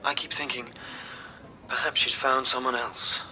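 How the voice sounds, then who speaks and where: A man's voice: medium pitch, little pitch movement, measured pace, bright, forceful tone, a little hiss or hum, poor audio. A young actor playing a worried son doubting the search for his missing mother. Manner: anxious, doubting. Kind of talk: radio drama acting.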